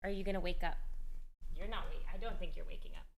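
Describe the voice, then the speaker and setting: A woman's voice: lowish voice, fast, a little hiss or hum. A woman livestreamer in casual chat, rambling with frequent restarts and easy laughter. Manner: chatty and rambling, restarts often, laughs easily.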